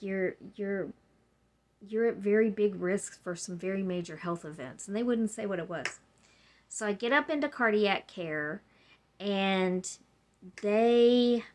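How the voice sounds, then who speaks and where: A woman vlogger casually telling a personal story to her camera at home, rambling and acting out what other people said. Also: mid-range voice. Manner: chatty, rambling, acts out quoted people.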